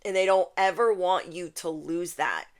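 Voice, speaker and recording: A woman's voice: lowish voice, normal speed, smooth. Chatty woman giving a tarot reading. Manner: chatty, repeats key phrases, acts out quoted voices. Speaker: tarot reader. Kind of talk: casual spiritual reading to camera.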